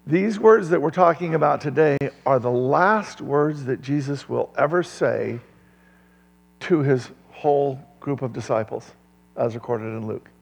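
A male pastor preaching a sermon in a church, lively, throwing questions to the crowd and chuckling often. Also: mid-range voice, measured pace, gravelly, breathy edge, long reverb tail.

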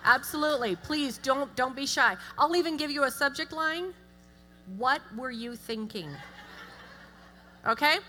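A middle-aged woman giving a chatty, self-deprecating church talk with animated asides. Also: high-pitched, unhurried, long pauses, slight background noise. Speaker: guest speaker. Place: church sanctuary. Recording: long hall reverb with music.

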